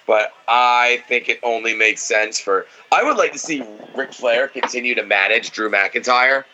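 A man's voice: mid-range voice, moderate pace, pushed and bright, dull audio. A man co-hosting a casual podcast, watching wrestling and giving blunt, opinionated takes full of swearing. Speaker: podcast co-host.

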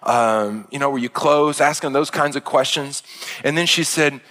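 A middle-aged man, a pastor, telling a story in a sermon with many halting restarts. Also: mid-range voice, pushed and bright, dry recording.

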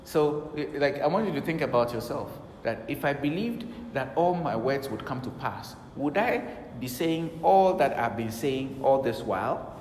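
A man's voice: mid-range voice, expressive, normal speed, darkish tone, a little hiss or hum. A man preaching a sermon emphatically, repeating key words and quoting scripture. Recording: echoey hall with faint ambience.

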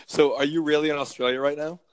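A man's voice: fairly high pitch, steady tone. Co-host man with a cold, laughing. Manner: laughing, quick-witted. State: fighting a cold. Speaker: podcast co-host. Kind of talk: casual podcast chat.

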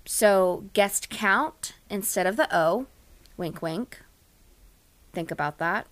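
A woman's voice: mid-range voice, takes it slowly. A young woman co-hosting a podcast, telling a story in a casual, dramatic way and acting out what people said. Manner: animated, dramatic storyteller who acts out quotes. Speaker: podcast co-host.

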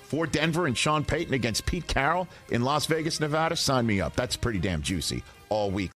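A man hosting a sports talk segment, upbeat and pitching matchup ideas to his co-hosts. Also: animated, fairly quick, a bit bright, faint music behind. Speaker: sports show host.

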